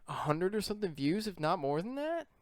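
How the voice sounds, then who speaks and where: Man, podcast co-host, casual rambling chat, swears a lot, smooth clear voice. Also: sits high, big pitch swings, fairly quick, dry recording. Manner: rambling, swears freely, laughs often.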